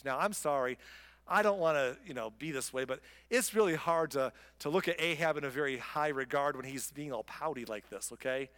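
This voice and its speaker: A man teaching from the Bible in a chatty, animated way, now and then mocking the people in the story. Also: fairly high pitch, brisk, in a large hall. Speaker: preacher.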